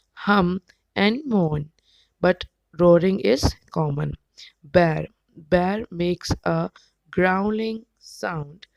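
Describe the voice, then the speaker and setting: A woman teacher with an Indian English accent, explaining slowly and carefully, sometimes spelling words out letter by letter. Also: on the low side, gravelly, darkish tone, dry recording, low-quality recording. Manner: careful, spells words out, brief animal imitations. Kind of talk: slow educational explanation.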